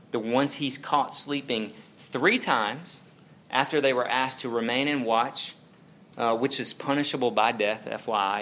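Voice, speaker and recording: A man's voice: medium pitch, fairly bright tone, slight background noise. A man in his thirties preaching a casual, conversational sermon, talking straight to his listeners with frequent fillers. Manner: informal, talks directly to the audience, many fillers like "like". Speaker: pastor.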